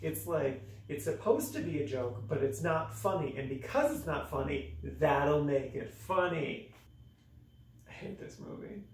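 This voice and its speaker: In an echoey room and a bit off-mic, a young man delivers a casual, funny movie review, exaggerating and poking fun at himself with abrupt dramatic vocal shifts. His voice is on the high side, a little slow, with hardly any pauses.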